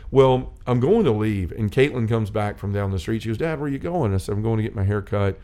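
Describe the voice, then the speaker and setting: A man's voice: lowish voice, steady tone, brisk, warm tone. A middle-aged man hosting a faith-based chat, telling a personal story in an earnest, rambling way. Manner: earnest storytelling, many restarts and quoted dialogue.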